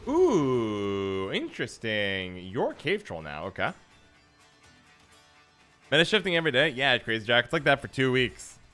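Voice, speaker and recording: A man's voice: medium pitch, huge pitch swings, measured pace, fairly bright tone, soft background music. A man streaming a card game, chatting playfully with his viewers and teasing opponents as he plays. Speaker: gaming streamer. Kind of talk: live card game commentary.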